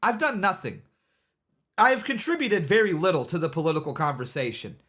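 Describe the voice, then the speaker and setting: A man's voice: high voice, sing-song, a little fast, pushed and bright. A man streaming live, talking loosely in casual commentary, rambling and restarting his sentences over and over. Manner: rambling, repeats himself, lots of restarts.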